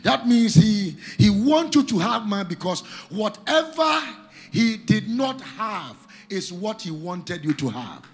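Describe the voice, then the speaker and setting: Male preacher, bright high delivery that swings wildly in pitch, shouts and chants to the crowd. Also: sing-song, slow. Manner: call-and-response preaching, shouting and sing-song cadence. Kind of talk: sermon.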